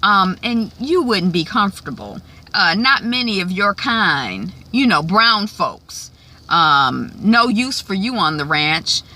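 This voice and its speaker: A woman voicing a gruff, unwelcoming old male rancher with a dismissive drawl. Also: mid-range voice, very animated, slow pace, pushed and bright, heavily acted. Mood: curt.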